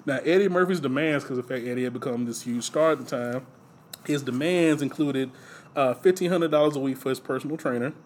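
Man, mid-pitched podcast co-host, rambling trivia chat, faint noise underneath. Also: brisk. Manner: loose, rambling delivery with frequent fillers and laughs. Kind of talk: casual movie trivia chat.

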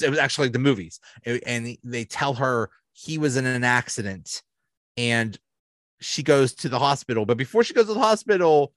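A man's voice: medium pitch, fairly bright tone, dry recording. A man hosting a podcast, recapping a favorite episode enthusiastically and rambling with restarts. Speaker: podcast host. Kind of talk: casual episode review.

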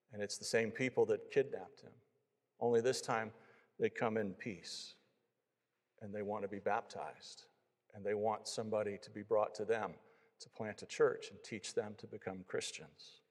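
A man's voice: fairly low pitch, fairly even intonation, a little slow, pauses often. A man preaching a sermon, telling a story and then pleading with his listeners. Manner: storytelling, rising to pleading appeals. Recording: long hall reverb.

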